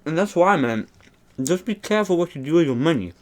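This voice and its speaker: A man's voice: fairly high pitch, animated, brisk. A young man hosting a mukbang vlog, talking to the camera in a rambling, earnest way and often calling his viewers "man". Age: young adult. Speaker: mukbang vlogger. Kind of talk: casual talk to camera while eating.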